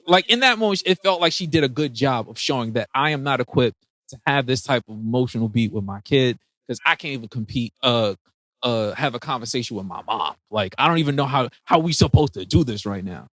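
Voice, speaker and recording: A man's voice: fairly high pitch, a bit bright, dry recording. A man co-hosting a podcast, talking in laid-back, slangy and profane banter and laughing often. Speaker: podcast co-host. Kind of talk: casual movie-review chat.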